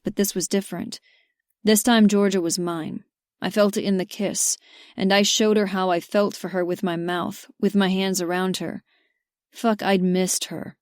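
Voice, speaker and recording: A woman reading a romance novel aloud in the first person, with measured, steady narration. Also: mid-range voice, no echo, clean studio sound. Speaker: audiobook narrator. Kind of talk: scripted narration.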